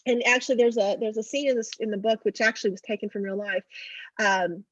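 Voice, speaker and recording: A middle-aged woman author in a casual interview over a video call, telling stories in a chatty, animated way. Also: mid-range voice, fast talker, no room sound, highs cut off.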